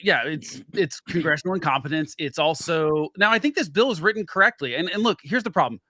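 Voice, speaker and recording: Man, higher voice, bright and forceful, argumentative talk show co-host, dry close mic. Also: dry recording. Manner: argumentative, interrupts, talks over others. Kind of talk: heated political talk show debate.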